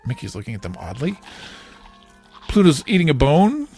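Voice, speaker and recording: A podcast host with a slightly high, husky voice animatedly retells a cartoon episode to his child. He laughs often and quickly shifts his voice for quoted characters, with faint music behind him.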